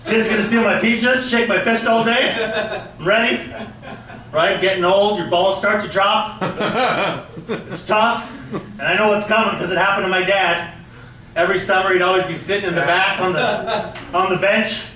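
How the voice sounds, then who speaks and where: High-voiced man, bright, comic tribute, echoey hall, far from the mic. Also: steady tone, normal speed, pauses often, a little hiss or hum. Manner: joking, crude punchlines. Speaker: stand-up comedian. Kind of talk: eulogy with stand-up jokes. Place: comedy club stage.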